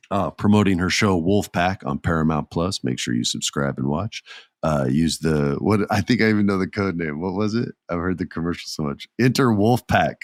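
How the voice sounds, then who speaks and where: A middle-aged man hosting a casual wrestling podcast, telling stories in an animated way and acting out the people in them. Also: fairly low pitch, no room sound, clean studio sound. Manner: animated storytelling with character voices. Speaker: podcast host.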